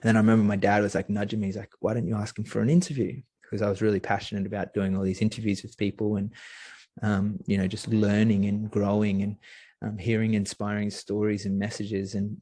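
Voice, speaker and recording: A young man tells a story as a podcast guest. His voice sits low and sounds dry and close. He talks eagerly and rambles, dropping plenty of fillers along the way. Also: completely flat delivery, fairly quick, dark tone, no room sound. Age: young adult. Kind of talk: casual storytelling.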